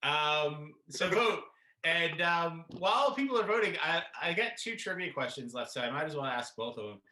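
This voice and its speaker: A man's voice: on the high side, animated, normal speed, sharp tone, a little hiss or hum. A man hosting a casual debate show, joking and rambling as he steers the talk. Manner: joking, rambling, laughs often. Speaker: host. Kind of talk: casual chat. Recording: roomy echo.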